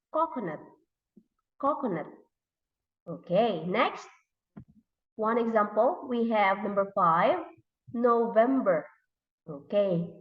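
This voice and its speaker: A woman English teacher with a Thai accent leading a classroom lesson, slowly repeating words and sounding out letters and syllables. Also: on the high side, distant mic. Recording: echoey room, dull lo-fi sound.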